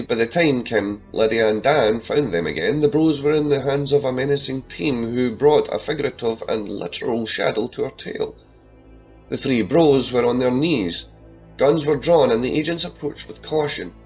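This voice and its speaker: A man narrating an adventure story in a lively, dramatic reading. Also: medium pitch.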